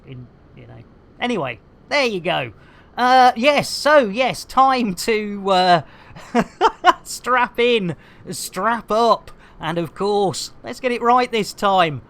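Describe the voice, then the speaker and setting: While streaming a game, a woman banters with her chat in a jokey, bubbly way, full of silly rhyming catchphrases and cheeky innuendo. Her voice is medium-pitched and a bit bright.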